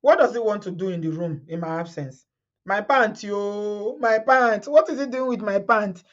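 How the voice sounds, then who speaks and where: A woman's voice: mid-range voice, normal speed. A woman reading a viewer's story aloud in a casual way, often breaking into laughter and adding her own comments. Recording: dull lo-fi sound.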